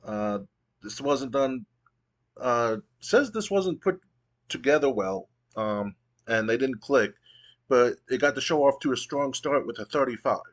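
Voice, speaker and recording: A man's voice: medium pitch, expressive, a little slow. A man casually narrating his wrestling management game, storytelling loosely with fillers. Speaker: game streamer.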